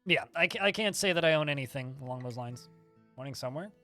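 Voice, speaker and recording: A man talks casually to his livestream chat and fields questions at a quick clip. His voice is bright and forceful, set a little high. Faint guitar music plays quietly behind him. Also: expressive. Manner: chatty, fast-talking, answers chat questions. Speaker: streamer.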